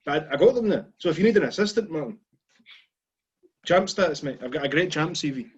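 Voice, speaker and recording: A Scottish man banters on a podcast in a husky, slightly high voice, boasting in jest. The sound is dull and lo-fi. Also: expressive, fast talker. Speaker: podcast co-host. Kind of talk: casual chat.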